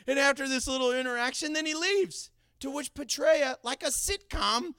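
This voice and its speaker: A middle-aged man preaching a sermon, telling a personal story in an animated way with laughing asides. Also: very high-pitched, moderate pace, few pauses, dry recording, clean studio sound. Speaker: pastor.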